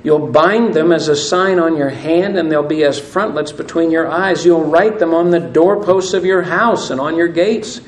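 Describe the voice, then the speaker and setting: A man's voice: on the high side, moderate pace, few pauses. A man preaching a sermon, reading scripture aloud and asking his listeners questions. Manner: asks the audience questions, reads scripture aloud. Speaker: pastor. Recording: echoey room with faint noise.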